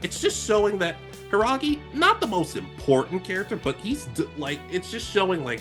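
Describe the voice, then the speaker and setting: A man's voice: sits high, big pitch swings, normal speed, few pauses, fairly bright tone, soft background music. A young adult man co-hosting a casual anime podcast, recapping episodes animatedly and acting out characters' lines. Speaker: podcast co-host.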